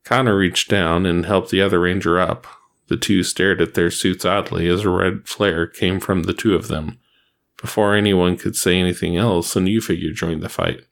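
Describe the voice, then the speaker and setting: A man reads an action adventure story aloud at a steady pace. His voice sits very low and carries a gravelly fry throughout, with a plain, even delivery. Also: moderate pace. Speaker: narrator. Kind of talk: reading fan fiction aloud.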